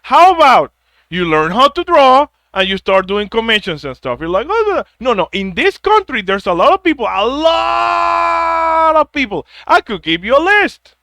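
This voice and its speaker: This is a profanity-heavy rant from a vlogger doling out harsh advice, his words stumbling and repeating as he imitates others in whiny mock quotes. The high-pitched voice is very animated, pushed and bright, at normal speed in a dry recording.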